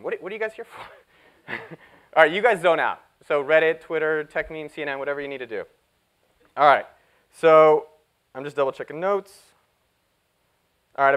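A man giving a live conference talk, energetic and jokey as he hypes up the audience. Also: fairly high pitch, poor audio. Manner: energetic, jokey, hyping up the crowd. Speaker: keynote speaker.

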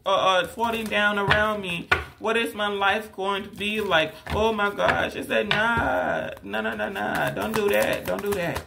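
A woman's voice: medium pitch, sharp tone, slight background noise. A woman giving a casual tarot reading straight to the viewer, rambling and repeating herself with many fillers. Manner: emphatic, addresses viewer directly. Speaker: tarot reader.

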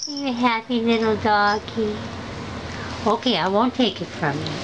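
A woman's voice: on the high side, a little slow. A woman at home talking to her pets in sing-song baby talk. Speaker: pet owner. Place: home, indoors. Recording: home recording with steady background noise.

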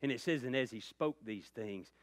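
A man preaching a sermon as pastor, swinging from loud, raised passages to hushed, quiet ones. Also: medium pitch, normal speed, no room sound. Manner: impassioned preaching, rising loud then dropping to hushed tones.

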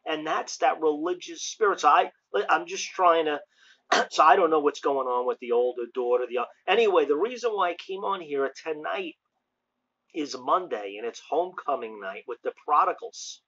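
A man's voice: fairly high pitch, moderate pace. A man sharing an impassioned testimony, acting out the dialogue as he tells it. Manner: animated storyteller who acts out the dialogue. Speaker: street preacher and online ministry host. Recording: lo-fi dull sound.

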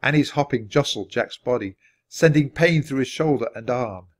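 A man with a voice of middle pitch narrating a children's chapter book. He reads at an even, natural pace and keeps the storytelling clear. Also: normal speed. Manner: steady, clear read-aloud pacing. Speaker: storybook reader.

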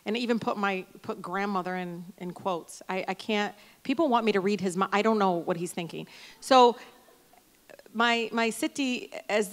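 A woman in her forties from Detroit giving a convention speech, telling family stories with animated, emphatic peaks. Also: medium pitch. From Detroit, Michigan. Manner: storytelling, animated, rising to loud emphatic peaks. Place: large hall. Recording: smooth voice with long hall reverb.

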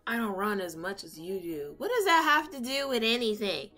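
A young adult woman telling a story in a casual, animated way while doing her makeup, swinging from calm to loud, excited retelling. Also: medium pitch, normal speed, few pauses, soft background music. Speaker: beauty vlogger.

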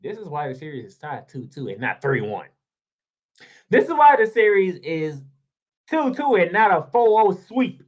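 A man runs his own basketball blog and rants about a playoff series. His pitch swings all over the place as he fires off rhetorical questions and exclamations. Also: very animated, moderate pace. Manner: heated, ranting, rhetorical questions. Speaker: sports blogger. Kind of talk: basketball commentary monologue.

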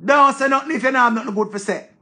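Racing along in a very high-pitched, pushed and bright voice, a man with a Jamaican accent rants casually to viewers. The online commentator is heated and scolding, and he swears freely.

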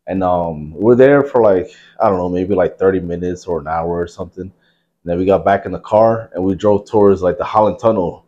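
A man's voice: low-pitched, fairly quick, a little mellow, lo-fi sound. A man in his thirties from New Jersey, hosting a podcast and telling stories in casual, profanity-laced chat. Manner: profane, rambling storyteller. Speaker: podcast host.

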